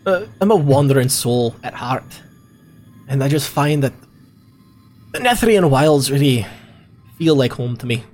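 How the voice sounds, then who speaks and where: A man voicing a pale, gothic wandering woman who befriends crows, in a put-on heavy Scottish brogue, calm and a little ironic. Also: medium pitch, measured pace, long pauses, faint music behind, natural voice. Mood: wistful. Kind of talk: tabletop role-play character voice.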